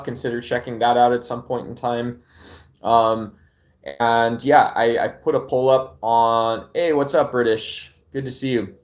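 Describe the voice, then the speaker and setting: Chatting into his phone from home, an Arizona livestream host rambles in a laid-back way, full of fillers and restarts. He has a mid-range voice and hails from Arizona in the United States.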